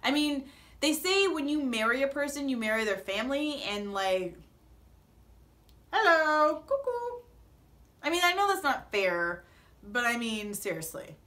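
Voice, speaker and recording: A woman's voice: on the high side, animated, moderate pace, a bit bright. A young woman vlogging a casual, dramatic recap, acting out her own reactions in a playful way. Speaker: vlogger recapping a reality show.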